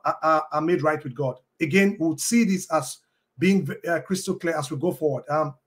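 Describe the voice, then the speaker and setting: A man arguing in a formal debate, quoting scripture at length and pausing often with ums and uhs. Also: on the high side. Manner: halting, with many ums and uhs and restarts.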